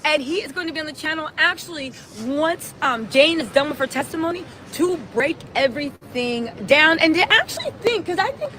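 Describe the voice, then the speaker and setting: A woman hosting a casual livestream from a city street, talking fast and emphatic, tagging "right?" onto her points. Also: high voice, expressive, bright, forceful tone, a little hiss or hum, poor audio. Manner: chatty, emphatic, many "right?" tags. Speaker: livestream host.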